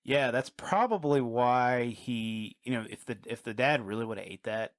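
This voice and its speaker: A man's voice: medium pitch, moderate pace. A man co-hosting a podcast, chatting casually about a movie and recapping its scenes in a rambling, swearing way. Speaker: podcast co-host. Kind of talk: casual movie review chat.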